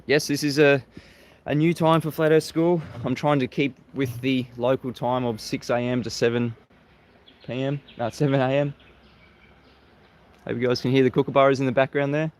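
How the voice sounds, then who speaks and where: Mocking Australian livestream host. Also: male voice, medium pitch, flat delivery, normal speed. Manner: mocking and combative, laughs often at critics. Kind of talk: live-stream monologue greeting viewers.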